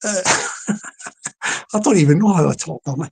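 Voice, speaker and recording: A man with a London accent talks through a late-night solo live stream, his voice sitting a little high and sounding husky. He rambles and restarts, breaking off to greet people in the chat as he spins a comic story. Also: mellow. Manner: rambling, halting, with many restarts and asides to the chat; humorous storytelling.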